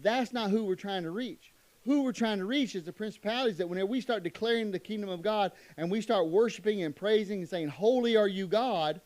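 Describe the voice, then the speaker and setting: A middle-aged man preaching a church sermon, emphatic, moving between loud declarations and quiet asides. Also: high-pitched, dry recording. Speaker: pastor.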